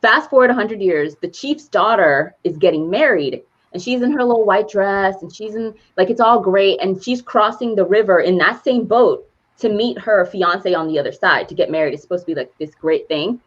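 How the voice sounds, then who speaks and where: Animated woman telling a story, dull sound. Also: mid-range voice, normal speed. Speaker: podcast co-host. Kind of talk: casual chat, retelling a movie plot.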